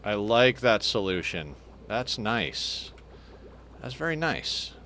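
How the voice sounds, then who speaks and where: Low-voiced man thinking aloud over gameplay. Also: very animated, slow pace, a little hiss or hum. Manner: chatty, thinks aloud and coos softly to a pet. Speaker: game streamer. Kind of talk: casual let's play commentary.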